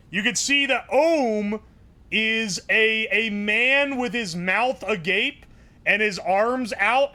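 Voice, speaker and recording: His voice high, pushed and bright, a livestreamer chats casually while building something. He jokes around with his chat and thinks out loud as he works.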